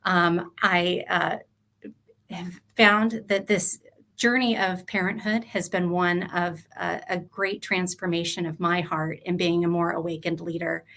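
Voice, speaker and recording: A middle-aged woman author speaking earnestly about parenting and her chapter, with frequent pauses and fillers over a video call. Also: on the low side, steady tone, a bit bright. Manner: earnest, halting with many fillers. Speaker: author guest. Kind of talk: personal talk about her book.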